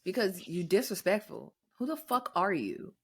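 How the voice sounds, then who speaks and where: A young woman co-hosting a podcast, telling a story in a casual, animated way with heavy swearing and acted-out quotes. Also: medium pitch, normal speed, husky. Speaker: podcast co-host. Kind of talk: casual chat.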